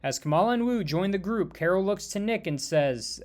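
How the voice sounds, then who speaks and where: A man narrating a fan-made superhero story in a steady, scripted storytelling manner. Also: high voice, normal speed, few pauses.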